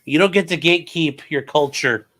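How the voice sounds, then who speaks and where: A man's voice: fairly high pitch, moderate pace, a bit bright. Sarcastic comic man commenting. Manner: sarcastic, joking asides. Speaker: host. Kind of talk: comedic commentary.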